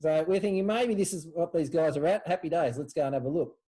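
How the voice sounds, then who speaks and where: A man's voice: on the high side, fast. An Australian man telling old club stories in casual chat, acting out what people said in a raised voice. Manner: animated storyteller, acts out quotes in a raised voice. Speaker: podcast guest, former club footballer.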